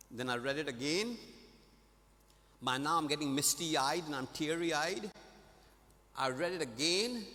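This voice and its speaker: A man's voice: fairly high pitch, sharp tone. An older man preaching a sermon, telling a personal story with acted-out dialogue and playful asides. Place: large conference hall. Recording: long hall reverb.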